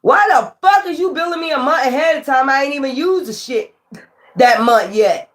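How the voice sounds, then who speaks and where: A woman tarot reader ranting casually to her viewers, profane, animated and exasperated. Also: high voice, moderate pace.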